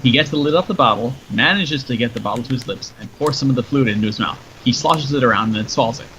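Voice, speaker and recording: A man narrates a story in a steady, descriptive way. His voice is bright and mid-pitched. The recording is dull and lo-fi, with faint background noise. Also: fast. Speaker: story reader.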